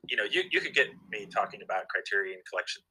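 A man talks in a casual chat, piling up fillers and restarts as he tells stories. His voice is husky and a little low, with a very bright, forward edge. He sounds eager and lively about his subject. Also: quick pace, low-quality recording. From Southern California. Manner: enthusiastic storyteller, many fillers and restarts. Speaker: guest.

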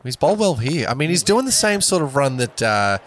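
A man doing jokey, excitable cricket commentary as co-host. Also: medium pitch, fairly quick, a little hiss or hum. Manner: excitable, jokey, bursts into shouts.

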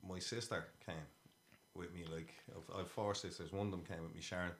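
A man's voice: sits low, fairly even intonation, fairly quick, a bit bright, echoey room, a little hiss or hum. A man, a podcast guest in casual chat, telling jokes and anecdotes. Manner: storyteller, tells jokes and anecdotes.

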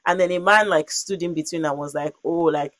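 A young woman telling a story in casual conversation, animated and expressive, acting out quotes and using lots of fillers. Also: fairly low pitch, brisk, no echo. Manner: frequent "like" fillers.

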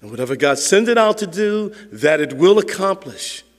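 A man preaching a sermon with a notably high voice for a man, emphatic and conversational, acting out the lines he reads. His voice rings with the long reverb of a large church hall. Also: big pitch swings, moderate pace. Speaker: pastor.

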